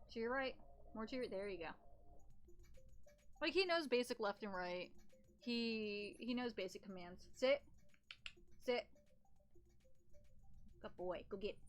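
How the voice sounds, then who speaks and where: High-voiced woman cooing at her cat. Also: expressive, a little slow, pauses often, faint music behind. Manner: coos baby talk at her cat between blunt, profane asides. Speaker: streamer. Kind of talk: casual livestream chat. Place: at home in a room with a TV.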